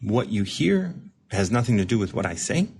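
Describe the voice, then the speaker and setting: A man's voice: on the low side, sing-song, moderate pace, a little mellow, a little hiss or hum. A man serving as host and recovery mentor, explaining ideas to a caller in casual talk, often repeating and restarting words.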